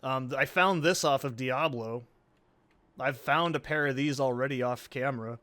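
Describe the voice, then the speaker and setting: A man's voice: medium pitch, normal speed, fairly bright tone. Rambling, profane man gaming. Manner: rambling, profane, self-deprecating. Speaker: let's play host. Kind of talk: casual gameplay commentary.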